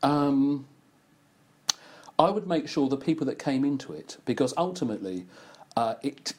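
Ad creative, husky, lively pitch, anecdotal chat. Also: male voice, normal speed. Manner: anecdotal storyteller, animated delivery. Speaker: advertising creative who casts voice actors. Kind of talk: casual conversation.

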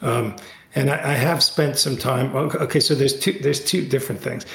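A middle-aged man telling a story in a casual interview over a video call, animated and full of restarts, his voice jumping high when excited. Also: moderate pace, vocal fry, echoey room. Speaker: guest, author and Tai Chi teacher.

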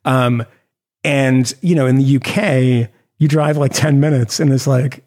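A man co-hosting a podcast, talking in a rambling, animated way full of restarts and fillers. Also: medium pitch, unhurried. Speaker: podcast co-host. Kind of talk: casual chat.

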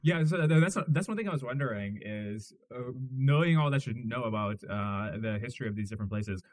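A male podcast host builds his questions slowly, stumbling over his words and restarting them. His voice is pitched at an average level. The recording is dry, with no room sound. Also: no room sound. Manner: halting, stammering as he forms questions. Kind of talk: interviewing, casual chat.

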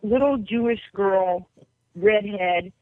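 A New York woman who coaches basketball is a podcast guest, telling personal stories slowly in a mid-range voice and acting out the voices of the people she quotes. It's a personal-storytelling interview heard over a tinny, dry phone line.

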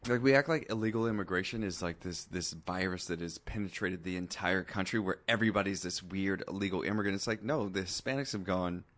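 Low-voiced man ranting in casual chat. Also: fairly quick, hardly any pauses. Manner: animated ranting, mimics quoted voices. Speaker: podcast guest.

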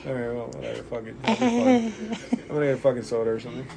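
A man in casual, profane banter, talking in an animated and opinionated way. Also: mid-range voice, rapid-fire, gravelly, noisy background. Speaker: comic shop co-owner.

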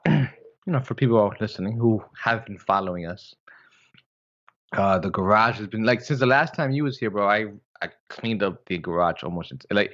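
A man co-hosting a casual podcast, telling relaxed stories about his house with jokey asides. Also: mid-range voice, dull audio. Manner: laid-back storytelling, jokey asides. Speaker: podcast co-host. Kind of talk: casual chat.

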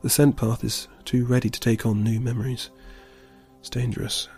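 A man's voice: medium pitch, little pitch movement, darkish tone, slightly rough, soft background music, lightly acted. A man playing a stern mother bear. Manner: stern, measured. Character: stern protective mother bear, large and wary.

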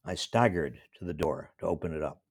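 A man's voice: a bass voice, lively intonation, fairly quick, background noise. A man in his seventies from small-town New York, a professor telling a wry, reflective personal story. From small-town New York State. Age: 70s. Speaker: professor and commentator. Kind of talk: storytelling monologue.

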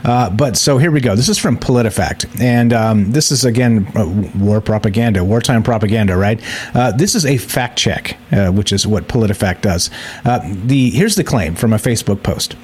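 A man's voice: on the low side, normal speed, darkish tone, breathy edge. Rambling sarcastic male podcast host. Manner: rambling, sarcastic, full of fillers and restarts. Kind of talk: casual live-show monologue.

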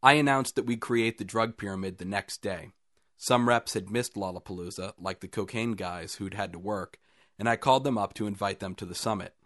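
A man reading a first-person short story aloud in a calm, even storytelling manner with dry understatement. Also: lowish voice, a little fast, no echo. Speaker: story reader.

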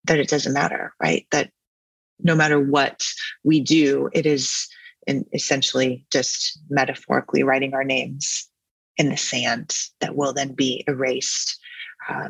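A man with a gravelly, fry-laden voice talks through a poem in a thoughtful, musing way, like a podcast host. The sound is close and dry, with no room echo. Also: mid-range voice, a bit bright. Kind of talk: poetry commentary and reading aloud.

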